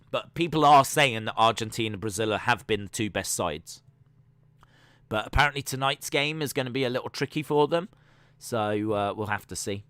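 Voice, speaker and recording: Male stream host, bright and clear, dry sound; chatty, answers the chat, gets excitable. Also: on the low side, no echo. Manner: chatty, reads out viewer comments and answers them; excitable bursts, then trails off quietly. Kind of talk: casual live-stream watch-along chat.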